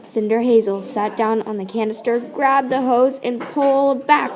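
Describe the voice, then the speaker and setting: A woman reading a children's story aloud with expressive, playful narration and sound effects. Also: fairly high pitch, moderate pace, hardly any pauses, faint music behind. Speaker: storybook reader.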